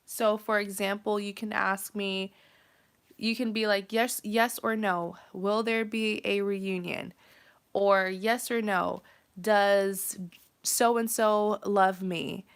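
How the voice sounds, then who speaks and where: A woman's voice: mid-range voice, fairly even intonation, takes it slowly, smooth. A woman with a nasal, congested voice, hosting a casual tarot live stream, chatty and full of fillers. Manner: chatty, many fillers, laughs often. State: congested from travel.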